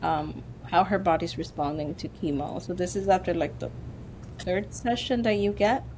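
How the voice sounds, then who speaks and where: A woman's voice: lowish voice, moderate pace, a little mellow, a little hiss or hum. A middle-aged woman on a podcast, talkative and teasing, often chiming in over others. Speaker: guest, mother. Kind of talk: casual podcast chat.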